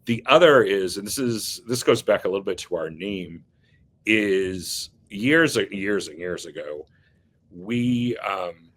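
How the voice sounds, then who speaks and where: Interviewed casually about leading an agency, this man speaks slowly and earnestly, with plenty of fillers and restarts. His voice is on the low side, a bit bright, with lively intonation.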